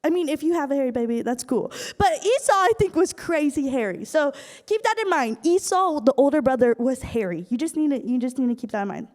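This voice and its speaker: A young woman from Iowa giving a lively youth group talk, telling stories with acted asides. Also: sits high, fairly quick. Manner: animated storytelling with acted asides. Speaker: youth speaker. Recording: hall reverb from a live room.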